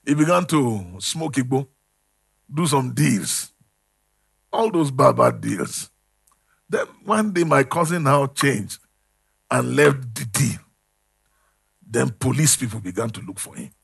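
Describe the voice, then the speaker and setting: Animated preacher with a gravelly voice. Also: male voice, mid-range voice, slow, long pauses. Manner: call-and-response preaching, swings from loud to hushed. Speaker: pastor. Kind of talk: sermon.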